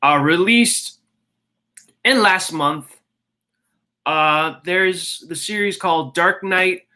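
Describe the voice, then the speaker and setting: Young male streamer, casual rambling chat, slow and bright. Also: high voice. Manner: chatty, rambling with many fillers.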